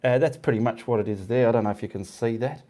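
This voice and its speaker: Talking fast in a mellow, mid-range voice, this middle-aged Australian man chats with viewers on his live painting stream. He rambles, reads comments, and keeps checking in with "okay".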